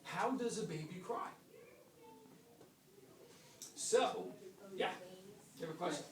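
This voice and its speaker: A woman teaching a class, playfully quizzing her students with lots of questions and lively swings in her voice. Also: takes it slowly, a little hiss or hum. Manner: playful, asks many questions, animated swings in pitch. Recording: echoey room, mic far off.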